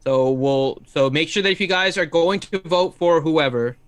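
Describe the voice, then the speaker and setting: A fairly high-voiced man co-hosts a casual gaming livestream, reading out viewer questions in an easygoing way. His voice is recorded dry and close, with no room sound. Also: normal speed, dry recording. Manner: easygoing, laughs while reading.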